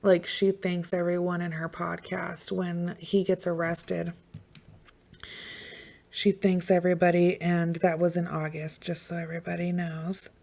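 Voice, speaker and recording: Low-voiced woman w/ a gravelly edge, casual podcast chat, lots of "like" and cussing. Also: level tone, unhurried, darkish tone. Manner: emphatic, swears freely, full of "like". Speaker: podcast host. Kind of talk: casual true-crime chat.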